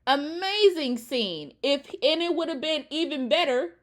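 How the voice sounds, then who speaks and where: A woman's voice: high voice, normal speed. A young woman in a casual, profane rant reacting to a TV show, sassy and exasperated.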